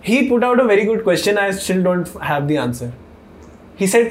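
Young man, high voice, animated, laughs a lot, casual podcast chat. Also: a little fast, a little hiss or hum. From India. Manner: animated, laughs often, swears freely, acts out quotes.

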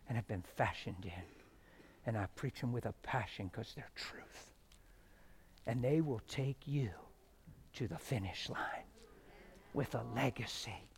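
A middle-aged man, a pastor, preaching a sermon with passionate storytelling that swings from loud exclamations to hushed quiet. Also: mid-range voice.

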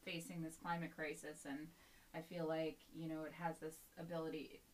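A woman's voice: low-pitched, little pitch movement, normal speed. A woman co-hosting a podcast, speaking casually and hesitantly with many ums and likes. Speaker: podcast co-host. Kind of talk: casual chat.

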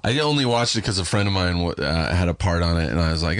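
Deep-voiced, swearing podcast host. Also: male voice, expressive, fast talker, hardly any pauses, fairly bright tone, dry recording. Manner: profane, enthusiastic storyteller. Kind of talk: casual chat.

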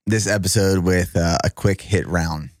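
Man podcast host, low-pitched voice, dry sound, upbeat teasing. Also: steady tone, moderate pace, no room sound. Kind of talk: casual podcast interview.

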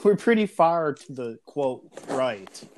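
A man's voice: mid-range voice, sing-song, slow, slight background noise. A man in his early thirties co-hosting a podcast discussion, talking conversationally with frequent fillers and restarts. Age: early 30s. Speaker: podcast co-host.

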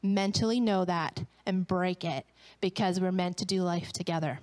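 A woman's voice: fairly low pitch, normal speed, a little mellow. A woman pastor giving a sermon, telling stories animatedly and acting out the voices of the people in them. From Canada.

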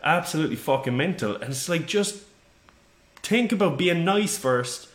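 Podcast co-host, male, lively profane storyteller, slightly high voice, roomy echo. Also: normal speed. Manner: animated storytelling, jumps high for quoted voices. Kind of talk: casual profane chat.

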